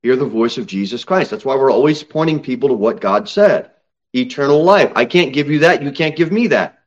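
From the pulpit of a church sanctuary, a male pastor preaches and reads scripture, driving his points home with slow, emphatic stresses and sudden raised peaks. His voice is medium-pitched and expressive, though the highs are cut off.

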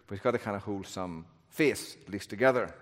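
A man's voice: on the low side, a little fast. A man preaching an expository sermon, telling the story with wry humor and shifting emphasis. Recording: long hall reverb.

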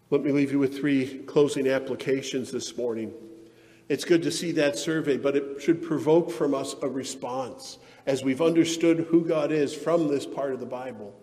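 A man's voice: mid-range voice, dark tone. Earnest preaching man in a reverberant hall. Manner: earnest, emphatic preaching that builds in intensity. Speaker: pastor. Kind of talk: sermon.

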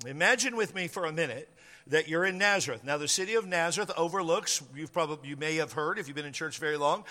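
A male pastor preaching a storytelling sermon, animated and acting out scenes, in an echoey church hall. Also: a little high.

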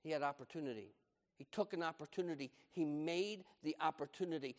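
A man's voice: a little high, fast talker, a little mellow. An older man preaching a sermon, emphatic and repeating his key lines. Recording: long hall reverb.

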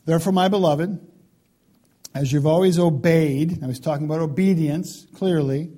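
Male pastor, sermon, high voice, warm and mellow, emphatic, repeats words for stress. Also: fairly even intonation, moderate pace. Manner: emphatic, swings from loud stresses to quiet pleading.

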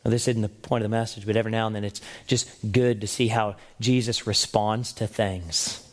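A man's voice: on the low side, fairly even intonation, fairly quick. A man preaching a sermon in an earnest, emphatic way, with rhetorical questions to the congregation.

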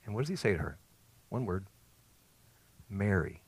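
A man preaching a sermon as pastor, earnest and emphatic, rising to loud peaks and dropping to soft, hushed phrases. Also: on the low side, expressive, normal speed, breathy edge.

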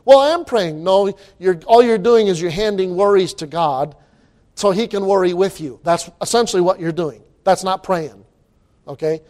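A man preaching a sermon, animated and reading scripture aloud in old-fashioned wording. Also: sits high. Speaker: pastor.

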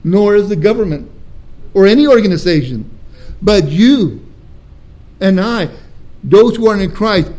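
High-voiced man preaching emphatically. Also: lively intonation, darkish tone. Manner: emphatic preaching, slow deliberate stresses, rhetorical questions. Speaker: pastor. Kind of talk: sermon.

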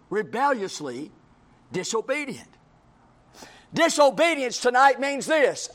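A male preacher, delivering a sermon in a church with a repetitive, emphatic cadence. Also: extremely high pitch.

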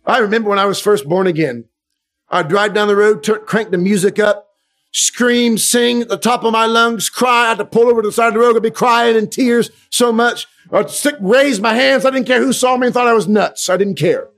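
Brief: middle-aged male preacher with a high voice, fervent, hush-to-loud sermon delivery. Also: a little fast. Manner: fervent, swings from hushed to loud.

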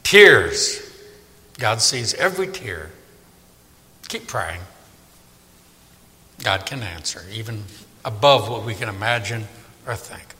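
A man delivers a sermon with a bright, ringing voice that climbs and dips expressively. He keeps it conversational, tossing questions to his listeners, and his words trail off into a long hall reverb. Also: fairly low pitch, takes it slowly, pauses often. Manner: animated, conversational, asks the audience questions. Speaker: preacher. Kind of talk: sermon Bible study.

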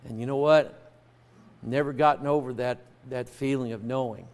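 A man preaching a sermon as pastor, at times raising his voice and at times speaking softly and personally. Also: medium pitch, fairly even intonation, normal speed. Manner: preaching loudly then dropping to a soft, personal tone.

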